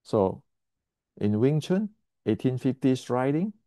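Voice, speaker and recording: Man teaching martial arts, blunt and emphatic, repeats himself, clears his throat, warm dark tone, dry close sound. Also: medium pitch, very animated, slow pace, dry recording. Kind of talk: explanatory lesson to camera.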